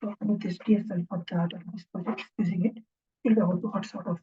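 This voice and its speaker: A woman giving an informal recorded lecture as instructor, speaking haltingly and thinking aloud, often checking in with a questioning "right?". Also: medium pitch, steady tone, breathy edge. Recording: dull lo-fi recording.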